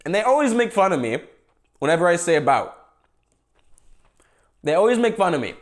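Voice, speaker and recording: A man's voice: sits high, very animated, fairly quick. A young Canadian man hosting a casual podcast livestream, rambling and joking while he eats. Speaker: podcast host.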